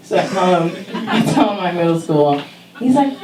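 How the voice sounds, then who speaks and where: A woman telling a funny story on stage, laughing and acting out voices with big jumps in pitch. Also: lively intonation, normal speed, warm tone, roomy sound, far from the mic, poor audio. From California. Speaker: stand-up comic telling a story. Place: stage in a small venue.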